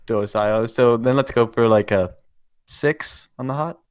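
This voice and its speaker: A man's voice: medium pitch, unhurried, a little mellow, clean tone, no echo. A man taking part in a tabletop game, teasing and laughing in casual chat. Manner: giggly, teasing. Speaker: player.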